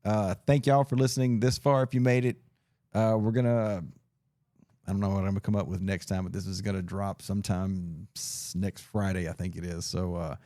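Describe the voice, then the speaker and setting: A man's voice: deep voice, steady tone, fairly quick, warm tone, no room sound, clean studio sound. A man hosting a casual podcast chat, laid-back and laughing often, swearing freely into a podcast mic. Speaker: podcast host. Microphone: podcast mic on a mixer.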